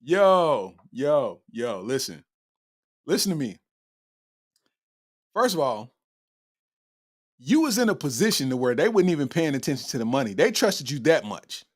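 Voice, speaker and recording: A man hosting a comedy podcast, reacting loudly to a news story with exclamations, laughter and repeated punchlines. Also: mid-range voice, very animated, unhurried, pauses often. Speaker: podcast host. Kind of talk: comedic commentary.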